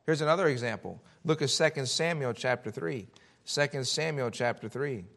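A man preaching a sermon and reading scripture, throwing out rhetorical questions and swinging between loud emphasis and hushed warnings. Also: medium pitch, normal speed, gravelly. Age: adult, Army veteran.

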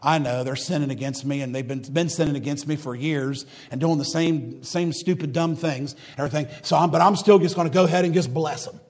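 A man's voice: on the high side, brisk, hardly any pauses, darkish tone. A man imitating God as an indulgent, easygoing father figure in a mocking, casual way.

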